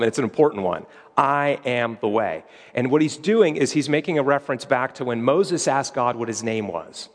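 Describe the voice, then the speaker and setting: A man preaching a sermon in a conversational teaching manner, quoting scripture as he explains it. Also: medium pitch. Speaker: pastor. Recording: long hall reverb.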